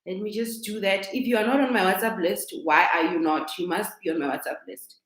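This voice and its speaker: A woman's voice: mid-range voice, fairly quick. Chatty South African woman, echoey room. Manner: chatty, repeats herself, greets viewers warmly. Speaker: life coach hosting a live stream. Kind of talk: casual live-stream chat. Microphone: laptop microphone.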